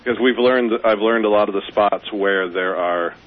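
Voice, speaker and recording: A man's voice: lowish voice, moderate pace. A male caller from Colorado on a radio show, speaking earnestly and persuasively with some fillers. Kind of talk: phone-in talk. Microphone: telephone. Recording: tinny phone line with faint hiss.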